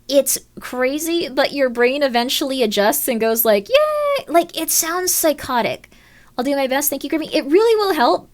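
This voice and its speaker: Casting: fairly high-voiced woman streamer, rambling and upbeat, fillers galore, squeals into excited mock voices. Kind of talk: casual chat with viewers.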